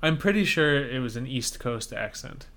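A man's voice: medium pitch, expressive, normal speed, bright, forceful tone. A man co-hosting a podcast in casual chat, making wry, incredulous remarks. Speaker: podcast co-host.

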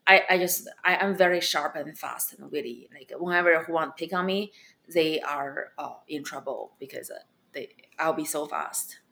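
Woman, non-native English accent, comedian, blunt animated talk, bright tone. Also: low voice, normal speed, vocal fry. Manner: blunt, animated storytelling with quoted voices. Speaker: stand-up comedian, club owner. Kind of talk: casual interview answers.

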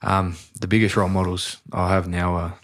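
A laid-back Australian man with a very low voice, guesting on a casual podcast. He rambles, restarts his sentences and sprinkles "mate" throughout. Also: little pitch movement, brisk, fairly bright tone. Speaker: guest, professional rugby league player.

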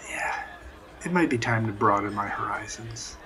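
A man's voice: on the low side, moderate pace, a crowd in the background, background noise, close to an everyday voice. A man voicing a blunt, cynical male brawler who brushes off questions, role-playing at a tabletop game. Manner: blunt, dismissive. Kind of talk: tabletop role-play in character.

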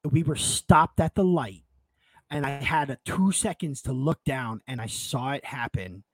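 A man's voice: mid-range voice, a little slow, dry recording. A man telling a long, emotional story in a casual podcast chat, swearing and tripping over his words as he goes. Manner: excitable storyteller, swearing, repeating himself. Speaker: podcast co-host.

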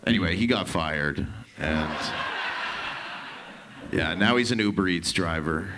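A man in his thirties from Canada doing a stand-up set, telling profane, rambling stories with quick asides. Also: sits low, background noise. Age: 30s. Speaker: stand-up comedian.

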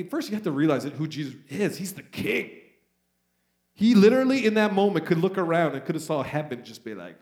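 Animated high-voiced Canadian preacher. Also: male voice. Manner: animated, conversational preaching, reads scripture aloud. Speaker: pastor. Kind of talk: sermon. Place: church sanctuary. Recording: roomy church echo.

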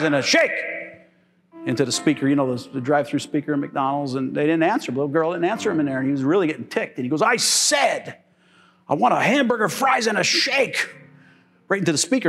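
Animated male preacher over soft music. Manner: animated preaching with jokes, sudden high shouts and laughs. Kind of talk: sermon.

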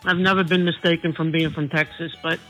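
A woman's voice: low-pitched, little pitch movement, brisk, faint music behind, rough recording. A woman from New York with a New York accent, calling in to a talk radio show and chatting in a friendly, easy way. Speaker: caller. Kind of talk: phone-in chat.

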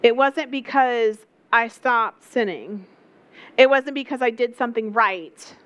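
A woman's voice: on the high side, a little slow, fairly bright tone, lo-fi sound. Woman preaching a storytelling sermon. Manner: storytelling, emphatic repetition.

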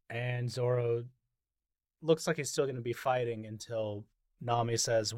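A man's voice: mid-range voice, moderate pace, a little mellow, dry recording, studio quality. A man casually recapping anime episodes as a podcast host, loose and profane, paraphrasing characters in his own voice. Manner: loose, swearing, lots of fillers.

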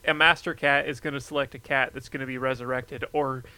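A man's voice: mid-range voice, fairly even intonation, fairly quick, sharp tone, clear, resonant tone, low-quality recording. A man chatting casually, joking and ranting playfully. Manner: jokey, playful rants. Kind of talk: casual chat.

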